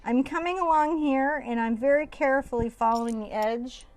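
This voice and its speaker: A woman's voice: high voice, normal speed. A woman giving a live painting tutorial, chatty and jokey, often laughing as she works. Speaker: painting instructor.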